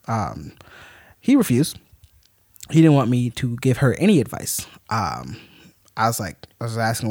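A man co-hosting a podcast, telling a story in an animated, mock-angry rant. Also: medium pitch, unhurried, gravelly, pauses often, no echo, clean studio sound. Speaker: podcast co-host. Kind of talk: casual podcast chat, storytelling.

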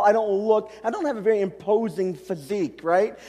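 A middle-aged man preaching a storytelling sermon, animated and self-deprecating as he talks to his congregation. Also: high-pitched, a little fast. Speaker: pastor. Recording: long hall reverb.

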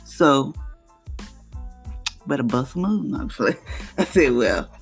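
Gravelly-voiced woman giving a tearful testimony. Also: rumbling low, lively intonation, soft background music. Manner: halting, with many restarts and repetitions; earnest, close to tears. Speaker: mother sharing a personal testimony. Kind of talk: emotional personal testimony.

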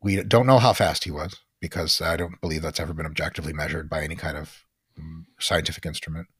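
A man speaking as a guest expert on a podcast, explaining training science bluntly and emphatically and sometimes swearing, in quick lecturing runs. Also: a bass voice, steady tone, fairly bright tone, slightly rough, no echo, clean studio sound. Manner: blunt, emphatic, sprinkles in profanity. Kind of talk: podcast interview talk.

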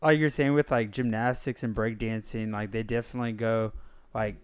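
A man's voice: on the low side, fairly even intonation, moderate pace, clean tone, no echo, clean studio sound. A young man chatting casually, hesitant and stumbling over his words. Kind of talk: casual chat.

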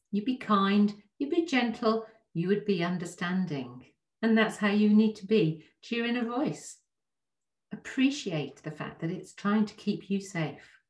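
A woman giving a gentle, reassuring self-help talk straight to the listener, often asking rhetorical questions. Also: medium pitch. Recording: echoey room.

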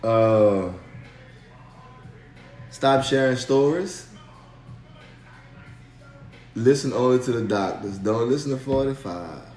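A man's voice: medium pitch, slow, long pauses, darkish tone, soft background music. A man co-hosting a podcast with crude, slangy, joking banter. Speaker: podcast co-host. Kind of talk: casual banter. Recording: echoey room.

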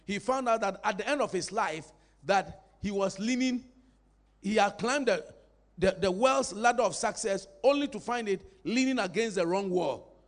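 A man preaching a sermon in a church, animated and playful, drawing responses from the congregation. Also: sits high, normal speed.

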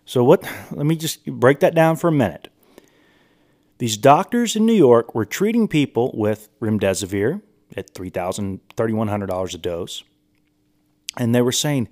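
A man's voice: mid-range voice, big pitch swings, moderate pace, a little mellow. A man hosting a podcast, reading quotes aloud and commenting on them in an emphatic, incredulous way. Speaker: podcast host. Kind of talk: monologue reading and commenting on sources.

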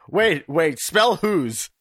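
A man's voice: high-pitched, a bit bright, no room sound, clean studio sound. A man co-hosting a podcast, chatting casually and teasing his co-host, laughing often. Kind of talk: casual chat.

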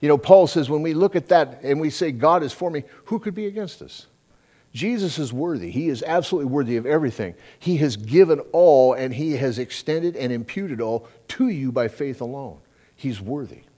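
A middle-aged man preaching a sermon, his pitch rising and falling a great deal as he goes. He talks in a folksy, conversational way and acts out little exchanges with other people as he tells them. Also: expressive, normal speed, dark tone. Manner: conversational preaching with folksy asides and quoted dialogue. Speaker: pastor.

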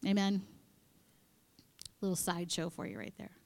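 A woman's voice: mid-range voice, level tone, moderate pace, creaky, darkish tone. A woman speaking to a women's church gathering in a chatty, conversational sermon, acting out quoted voices and dropping into whispered asides. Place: in front of a live audience.

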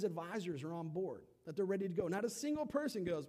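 A young man preaching a casual sermon, telling stories with animated, acted-out quotes and big swings in loudness. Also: sits high, fast, few pauses.

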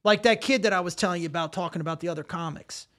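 High-voiced, animated male comedian. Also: racing. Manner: animated storytelling, swearing, acts out quotes loudly. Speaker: comedian podcast host. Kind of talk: casual podcast chat.

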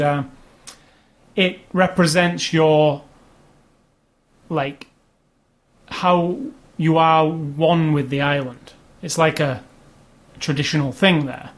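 A man co-hosting a casual chat about video games, rambling along with restarts and fillers. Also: fairly high pitch. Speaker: podcast co-host.

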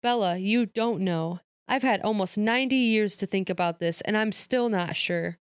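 A woman's voice: mid-range voice, normal speed, clean tone, dry recording, studio quality, close to an everyday voice. A woman reading a brooding male vampire. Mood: quiet. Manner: quiet, hushed reading. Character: brooding centuries-old male vampire, tormented. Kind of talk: reading a novel aloud.

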